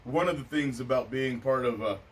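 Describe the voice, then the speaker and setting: A man muses at length in a relaxed, filler-heavy way as host of a casual chat. His pitch is ordinary for a man. He sounds set back from the mic, with faint background noise. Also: brisk, distant mic. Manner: laid-back and musing, with many filler phrases. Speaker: podcast host.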